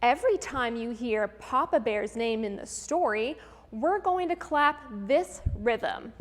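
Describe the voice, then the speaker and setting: A woman with a high, bright-pitched voice leads a live virtual music lesson for kids, walking through each idea clearly and cheerfully. Her voice rings with a long room reverb. A faint hiss of background noise sits underneath. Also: animated, takes it slowly. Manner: clear, upbeat teacher explaining step by step. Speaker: host of a children's music program.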